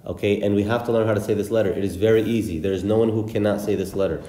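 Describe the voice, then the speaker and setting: A man's voice: fairly low pitch, steady tone, rapid-fire, dark tone, echoey room. A man teaching the Arabic letters for Quran recitation, patiently drilling each sound with repeated examples. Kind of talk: instructional lesson.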